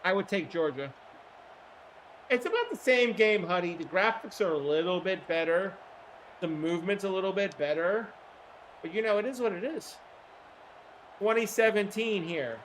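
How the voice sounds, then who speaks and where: A man with a hoarse throat hosting a livestream, giving casual play-by-play commentary in an excitable, chatty way with casual swearing. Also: high-pitched, normal speed, pauses often, slight background noise. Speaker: livestream host.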